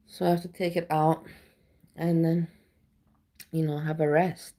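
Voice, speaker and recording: A woman with a lowish, mellow voice chats on a live stream. She talks straight to her viewers and turns blunt and sweary when she rants. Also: little pitch movement, unhurried, pauses often. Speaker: livestreamer. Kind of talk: casual live stream chat.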